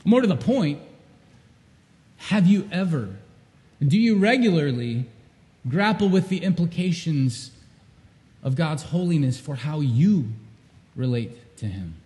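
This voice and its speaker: A male pastor preaching a sermon with earnest emphasis, swinging from loud repeated cries down to low, intimate questions. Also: expressive, takes it slowly, pauses often, long reverb tail.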